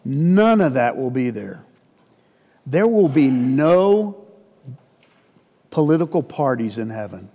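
A man's voice: mid-range voice, sing-song, slow pace, long pauses, dark tone. Man in his sixties preaching in an echoing hall. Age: 60s. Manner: asks the congregation rhetorical questions, folksy and joking. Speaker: pastor. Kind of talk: conversational sermon. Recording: long hall reverb.

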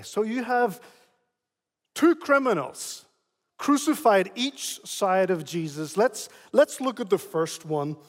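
Pastor guy preaching, high voice, keeps repeating himself for emphasis, lots of hall echo. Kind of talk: sermon. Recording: long hall reverb.

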